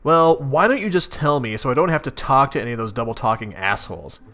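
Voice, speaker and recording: A man voicing a loud, irritable young male troll who rants angrily and swears. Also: mid-range voice, lively intonation, fast, faint music behind. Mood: snapping. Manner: angry, foul-mouthed ranting.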